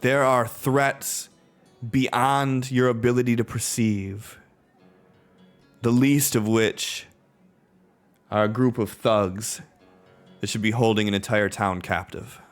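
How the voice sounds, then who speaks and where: A man's voice: medium pitch, steady tone, slow pace, pauses often, faint music behind, close to an everyday voice. A man voicing a confident, stern knight who speaks in a formal, commanding way. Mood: lecturing.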